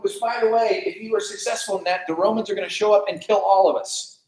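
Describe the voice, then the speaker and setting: A man teaching a casual Bible lesson to students, animated, asking the class questions and acting out quotes. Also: high voice, fast talker, few pauses. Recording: echoey room, mic far off.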